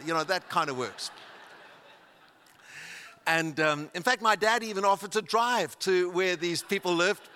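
Male preacher, slightly higher voice, storytelling sermon, long hall reverb. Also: pushed and bright, clean tone. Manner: anecdotal, halting with restarts.

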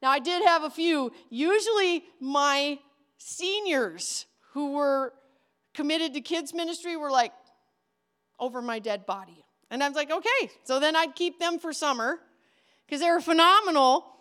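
A woman's voice: high-pitched, moderate pace. A woman children's pastor giving a casual teaching talk, telling stories and acting out the voices of the people she quotes. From Minnesota. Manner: animated storyteller, acts out quoted voices.

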